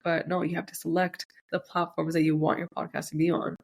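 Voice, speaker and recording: Candid young woman podcaster, lowish voice. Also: little pitch movement, brisk, vocal fry. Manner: candid, rambling, self-deprecating, swears casually. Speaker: podcast host. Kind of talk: solo podcast recap, candid chat.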